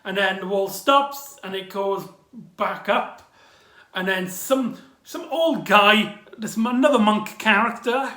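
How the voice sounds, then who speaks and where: A man giving a casual, rambling recap review of a TV episode, excitable and full of exclamations. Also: sits high. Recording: echoey room.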